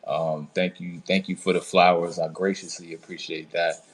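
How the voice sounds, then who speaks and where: A man, a trauma recovery coach hosting a live talk, answers in a measured, halting way with many fillers. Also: deep voice, flat delivery, breathy edge. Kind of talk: reflective casual talk.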